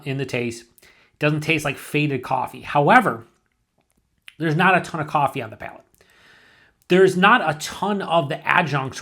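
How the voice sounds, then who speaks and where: A man's voice: fairly high pitch, fairly bright tone. A man giving a casual beer review to camera, thinking aloud and rambling with restarts and asides.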